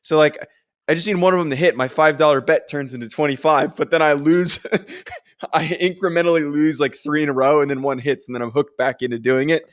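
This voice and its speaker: A man's voice: on the high side, fairly even intonation, a little fast. A young man co-hosting a sports podcast, telling stories in a rambling, self-deprecating way with many restarts. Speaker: podcast co-host. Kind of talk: casual chat.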